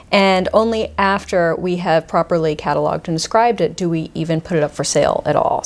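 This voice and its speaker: A woman's voice: on the low side, a little mellow. A woman who deals in rare books, talking enthusiastically and thoughtfully in an interview. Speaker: rare book dealer, guest. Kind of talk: conversational interview.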